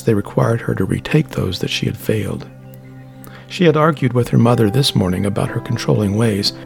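A man reading a novel aloud as narrator, in measured, steady storytelling. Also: mid-range voice, vocal fry. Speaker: audiobook narrator. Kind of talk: scripted narration. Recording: faint background music.

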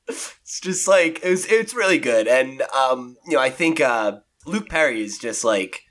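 A man hosting a casual podcast chat, relaxed and hesitant, with lots of fillers. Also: mid-range voice, brisk. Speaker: podcast host.

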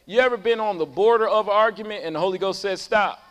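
A man preaching a sermon as pastor to his church, calling out to the congregation and swinging between loud high calls and low quiet talk. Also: fast, in a large hall. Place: church sanctuary.

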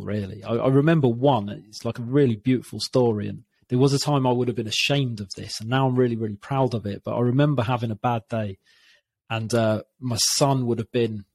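A man in his thirties talks candidly in an interview, reflective and open, often stopping to restart his sentences. His mid-range voice is husky, with a slight rasp. The recording is close and dry. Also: mid-range voice, darkish tone, dry recording. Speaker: guest.

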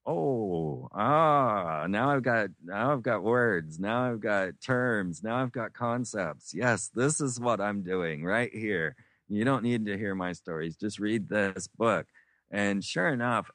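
A man's voice: medium pitch, a bit bright, no room sound. A man from the United States telling meandering life stories in an interview, full of restarts and fillers. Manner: meandering, many restarts and fillers, acts out quoted voices. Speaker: interview guest. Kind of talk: rambling storytelling.

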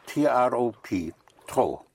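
A language teacher talking slowly and patiently, with a slightly husky voice. Words get spelled out letter by letter. The sound is dry and close. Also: medium pitch, animated, a little mellow, no echo. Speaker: French teacher. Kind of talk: slow one-on-one language lesson.

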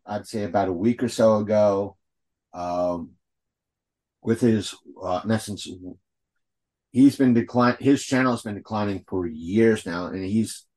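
A man co-hosting a podcast in casual chat, rambling and filling gaps with "uh" and "um," blunt and quick to swear. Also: on the low side, darkish tone. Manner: rambling, heavy with fillers and restarts. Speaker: podcast co-host.

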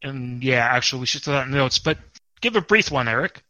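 Bright-voiced, chatty podcast host man. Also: mid-range voice, lively intonation, brisk, no echo, dull audio. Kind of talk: casual podcast chat.

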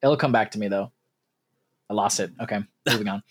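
A man's voice: on the low side, brisk, breathy edge. A man co-hosting a casual podcast chat, enthusiastic, laughing often and swearing casually. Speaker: podcast co-host.

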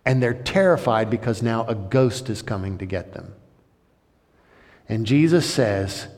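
A male pastor preaching a sermon, dramatic, swinging between loud, high outbursts and hushed, low passages. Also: moderate pace. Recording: long hall reverb.

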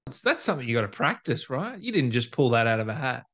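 A man hosting a relaxed interview, his pitch swooping up and down. He teases his guest playfully and praises her with open enthusiasm. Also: fast, a little hiss or hum. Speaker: podcast host. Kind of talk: casual interview.

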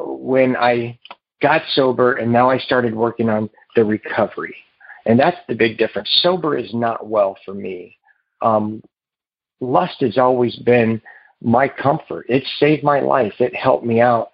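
A man telling his recovery story to a meeting in a halting, earnest way, heard over a phone. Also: mid-range voice, vocal fry, dry recording. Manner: halting and earnest, with repeated restarts. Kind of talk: personal recovery story told to a group. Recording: muffled phone line.

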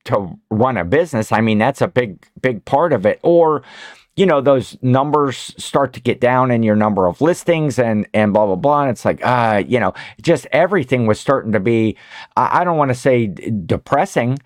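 A man co-hosting a podcast, talking casually in a rambling, animated way with many restarts. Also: mid-range voice, moderate pace, no room sound, studio quality. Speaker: podcast co-host. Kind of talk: casual chat.

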